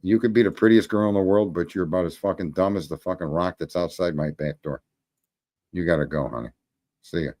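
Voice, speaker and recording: A man's voice: low voice, brisk, darkish tone. A man hosting a livestream, ranting profanely and scolding his chat commenters in casual commentary. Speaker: livestream host.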